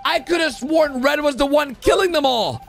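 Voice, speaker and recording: Very high-voiced excitable man. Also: gravelly, soft background music. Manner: excitable, exclaiming, quick gasps and laughs. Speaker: YouTube host. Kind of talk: excited reaction commentary.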